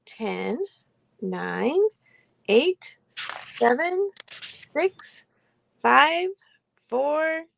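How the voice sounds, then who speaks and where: A woman's voice: on the high side, gravelly, no echo. A woman co-hosting a live online sale, counting down bids and giving plain instructions. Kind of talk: live-stream sales chat.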